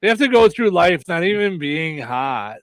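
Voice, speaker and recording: Male radio host, playful and teasing, slightly high voice, dry close sound. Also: sing-song, moderate pace, fairly bright tone, dry recording. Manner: playful, teasing, mock-vain. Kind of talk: casual morning radio banter.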